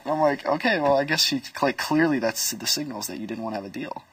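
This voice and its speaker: Fast-talking man on a distant mic. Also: mid-range voice, a bit bright, slightly rough, no room sound. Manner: rambling, fast, quotes others in reported speech. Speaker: reality show houseguest. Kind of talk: private strategy talk. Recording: distant, dry room mic.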